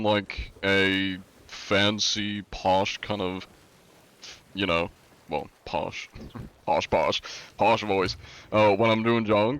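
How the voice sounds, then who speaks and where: A man's voice: fairly bright tone, clear, resonant tone. A man streaming a game live, answering his chat in a wry, joking, rambling way. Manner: says he is often compared to a deep-voiced narrator.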